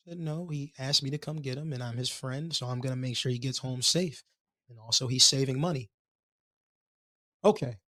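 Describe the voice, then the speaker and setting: A man co-hosting a podcast, telling a long story in a casual, animated way and acting out the voices of the people in it. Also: medium pitch, dry recording, clean studio sound. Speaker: podcast co-host.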